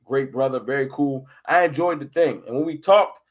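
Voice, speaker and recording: A man hosting a casual fan live stream, talking football and arguing with chat viewers in an animated, combative way. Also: medium pitch, moderate pace. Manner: animated, argumentative, addresses chat viewers directly.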